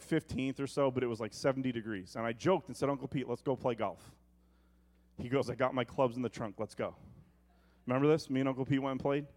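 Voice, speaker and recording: A middle-aged male pastor delivering a sermon, moving between loud emphatic preaching and quiet, conversational storytelling. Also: mid-range voice.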